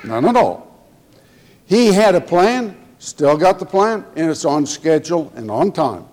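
A man preaching a sermon in a church, speaking slowly and getting emotional as he tells the congregation he loves them. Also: a little high, sing-song, darkish tone. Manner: slow, emotional, tender preaching. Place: church sanctuary. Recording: long hall reverb.

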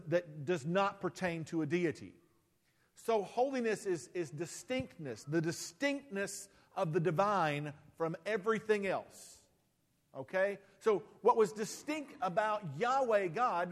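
A man preaching a sermon, speaking deliberately and repeating phrases for emphasis. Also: high-pitched.

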